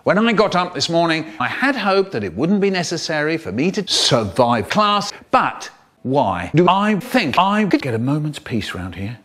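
Older male storyteller, theatrical, very lively pitch, slightly high. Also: moderate pace. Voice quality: expressive, animated delivery. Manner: theatrical, big swoops between voices. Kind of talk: spliced comic storytelling.

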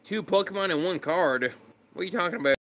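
Bright, high-voiced casual streamer. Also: male voice, fast, a little hiss or hum. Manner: laid-back, chatty, greets viewers by name. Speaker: streamer reading chat. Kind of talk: casual live stream chat.

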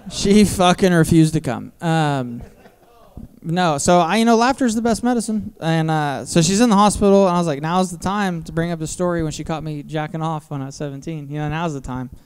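A man in his thirties doing a stand-up comedy set on a theater stage, telling crude family stories with a deadpan, self-mocking delivery into a handheld mic. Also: fairly high pitch, fairly quick, clear, resonant tone.

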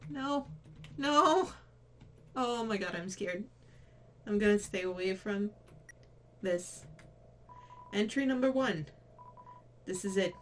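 A woman's voice: mid-range voice, lively intonation, slow pace, pauses often, a little hiss or hum. A young woman casually commenting as she plays a game, giggling, easily spooked, and reading the on-screen text aloud. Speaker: let's play gamer.

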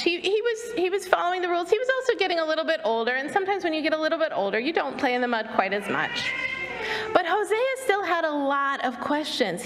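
A woman telling a children's story at a church service, gently animated and asking her listeners questions. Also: extremely high pitch, big-room sound.

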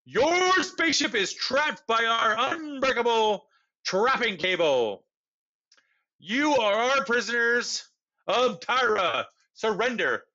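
A booming alien voice calls out over the radio, as a man reading a storybook puts it on. It is commanding and slow, with a bright tone that rises and falls. The recording is dull and lo-fi. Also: very animated, exaggerated voice. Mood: menacing. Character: booming alien voice from another planet.

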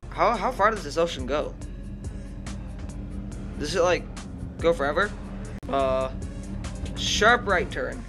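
A male gaming YouTuber giving excitable let's-play commentary, often shrieking and laughing at the game. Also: high-pitched, measured pace, long pauses. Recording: game music playing loudly behind. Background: game music and sirens.

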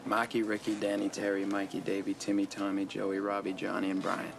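A guarded, sharp-tongued young man. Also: on the low side, monotone, gravelly. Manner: defensive, quick to snap and swear. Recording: noisy film clip audio.

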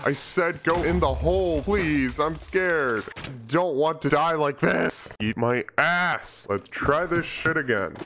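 A man's voice: on the high side, lively intonation, takes it slowly, sharp tone, a little hiss or hum. A young man giving crude, panicky, mock-grandiose commentary over his gameplay. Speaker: gaming YouTuber.

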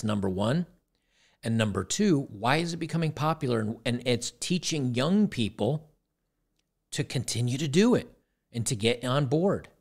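Gravelly man with sarcastic asides. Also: medium pitch. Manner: rambling, repeats words, sarcastic asides. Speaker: commentary channel host. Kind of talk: casual reaction commentary.

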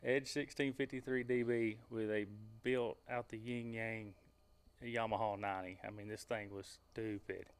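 A man hosting a casual podcast, telling a hunting story in a lively way and laughing as he goes. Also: fairly low pitch, moderate pace, clean tone.

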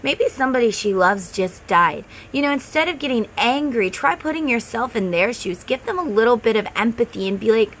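A woman's voice: fairly high pitch, animated, a little fast, few pauses, a bit bright, slight background noise, low-quality recording. A woman in her thirties talking to her viewers in a heartfelt, rambling way, close to tears. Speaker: tarot content creator. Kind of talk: casual monologue to camera.

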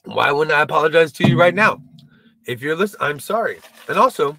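A comedian and video creator with a slightly high, creaky, sharp-toned voice does a casual stand-up monologue to camera, talking fairly quickly and with animation. He rambles, puts himself down, swears and stumbles over restarts.

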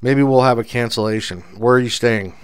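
A man voicing a weary young male car-rental clerk who answers slowly and patiently. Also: mid-range voice, smooth, dry recording, clean studio sound, close to an everyday voice.

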